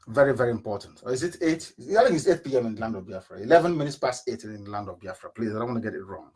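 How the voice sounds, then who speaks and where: A man giving an impassioned political radio address, with rhetorical questions and sudden bursts of shouting. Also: medium pitch. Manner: fiery, rhetorical, mocking laughter, sudden shouts and drops. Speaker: radio broadcaster. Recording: live internet radio broadcast.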